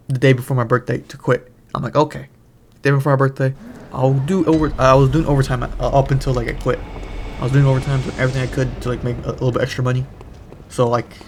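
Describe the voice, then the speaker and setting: A young man talks over his gameplay at home, rambling through a profane story in a flat, gravelly voice that barely rises or falls. He swears freely and circles back to the same points. A steady hiss of noise sits under the recording. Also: mid-range voice. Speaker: gaming channel host. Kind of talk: casual commentary while playing. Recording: noisy background.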